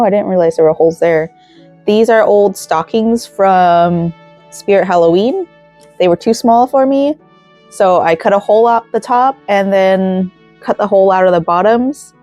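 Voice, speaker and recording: A woman's voice: mid-range voice, a little mellow. A woman hosting a casual let's play, chatting in a rambling way and giggling while she crochets. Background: faint game music.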